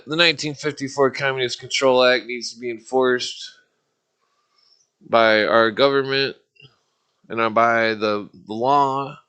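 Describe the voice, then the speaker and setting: A man's voice: mid-range voice, bright, forceful tone. A man hosting a livestream, ranting angrily and profanely in a rambling way, with restarts. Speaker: livestream host.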